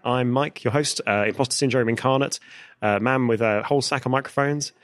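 A man hosting a podcast, narrating and chatting casually from a quiet corner at the back of a conference, self-deprecating and full of fillers. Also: mid-range voice, a little fast. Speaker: podcast host.

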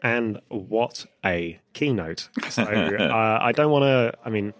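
A man hosting a podcast, narrating and chatting casually from a quiet corner at the back of a conference, self-deprecating and full of fillers. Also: lowish voice, expressive, slow, no room sound. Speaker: podcast host.

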